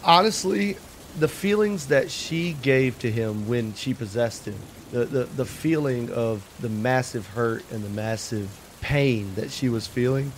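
A man playing in a tabletop game, explaining his character's motives in rambling, animated casual chat. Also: mid-range voice, a little slow, a little hiss or hum. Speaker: player.

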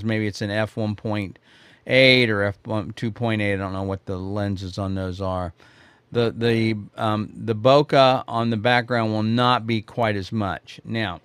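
Chatty low-voiced male photography teacher. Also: clear, resonant tone, no echo. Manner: rambling, many fillers and restarts; chatty, addresses viewers directly. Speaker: photography teacher hosting a live quiz. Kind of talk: casual live-stream teaching.

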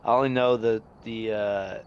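A man's voice: on the low side, fairly even intonation, moderate pace, lo-fi sound, slight background noise. An easygoing man playing an online game with friends, chatting casually and saying "y'all". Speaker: co-player. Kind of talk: casual chat while gaming.

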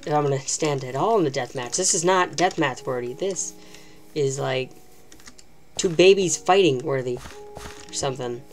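A woman's voice: a bass voice, fairly quick, soft background music. A woman giving live, self-mocking commentary while playing a video game, talking to herself as she plays. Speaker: gaming channel host.

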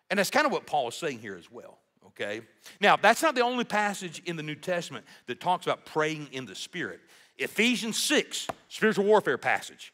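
Guy preaching, bright voice, pitch all over the place, lots of emphasis. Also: a little fast. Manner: animated, emphatic preaching with rhetorical questions. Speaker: pastor. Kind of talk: sermon.

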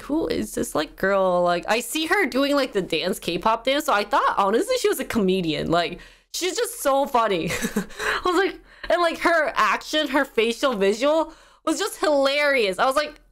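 Lively, energetic woman reaction host. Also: a little high. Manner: energetic and giggly, many fillers. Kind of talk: casual reaction chat.

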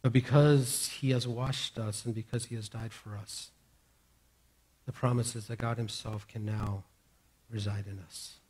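A man preaching a sermon as pastor, moving between raised, emphatic declarations and hushed, near-whispered reassurances. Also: on the low side, fairly even intonation, measured pace, slight background noise.

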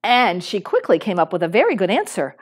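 A woman's voice: huge pitch swings, fast talker, a little mellow, slightly rough. A middle-aged woman pastor giving a sermon in a conversational way, with fillers and restarts. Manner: acts out a small boy's lines in a higher voice when telling a story.

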